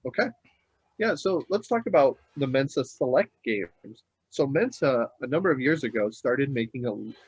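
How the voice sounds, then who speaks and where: A relaxed man co-hosting a podcast, rambling a little as he works his thoughts out aloud. His voice sits at an ordinary middle pitch. The recording is dull and lo-fi, with a dry, close sound. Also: dry recording. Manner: easygoing, thinks aloud with many hesitations. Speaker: podcast co-host. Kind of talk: casual podcast chat.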